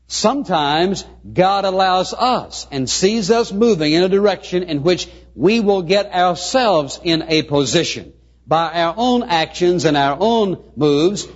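Male pastor, sermon, slightly high husky voice, earnest stretched emphasis. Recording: muffled lo-fi sermon recording.

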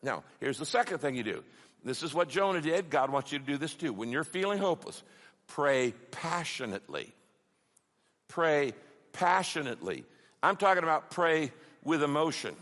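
A man's voice: a little high, sing-song, moderate pace. Passionate preacher man in a big echoing hall. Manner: passionate, builds to loud emphatic peaks. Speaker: pastor. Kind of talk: sermon. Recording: long hall reverb.

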